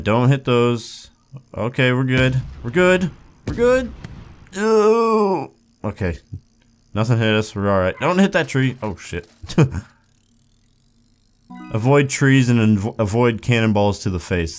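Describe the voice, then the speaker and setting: A young man with a fairly low voice talks through a video game in easygoing let's-play commentary. He jumps up into yelps at every crash, then drops back to wry, laid-back asides. A faint hiss sits under the voice. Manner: excitable, yelps and laughs at mishaps, wry jokes. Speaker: gaming YouTuber.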